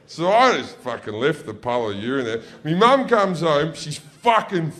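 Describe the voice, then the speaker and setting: A man's voice: a little high, big pitch swings, normal speed, fairly bright tone. A man telling rambling, profane stand-up stories, often correcting himself mid-sentence. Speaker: stand-up comedian. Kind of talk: stand-up comedy storytelling.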